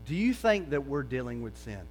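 A man preaching a conversational sermon to a congregation, often checking in with "okay?" and sometimes dropping to a soft, low voice. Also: sing-song, brisk, a little hiss or hum. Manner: drops to a soft, low voice for stretches.

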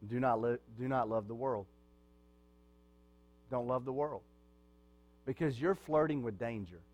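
A man's voice: medium pitch, measured pace, darkish tone. A man preaching a sermon as pastor, in a conversational way, asking his congregation questions and answering them.

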